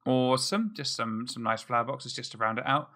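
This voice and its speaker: A man's voice: medium pitch, fairly quick, sharp tone. A man hosting a let's play, thinking aloud in chatty, self-mocking commentary as he plays. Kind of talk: casual gameplay commentary.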